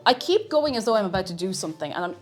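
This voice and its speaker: A woman's voice: medium pitch, big pitch swings, very fast, soft background music. A woman streaming herself cooking at home, chatting playfully and rambling while she reads out chat messages.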